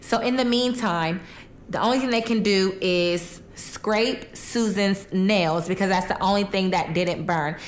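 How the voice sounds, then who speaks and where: A woman's voice: mid-range voice, measured pace, slight background noise. A young woman casually telling a true crime story while eating, chatty and colloquial, acting out the quotes.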